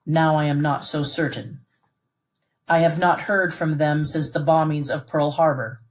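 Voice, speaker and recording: A woman's voice: low-pitched, fairly even intonation, measured pace. A woman reading as a stern, formal army colonel. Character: stern Japanese army colonel, middle-aged man, composed. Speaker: read-aloud narrator voicing a character.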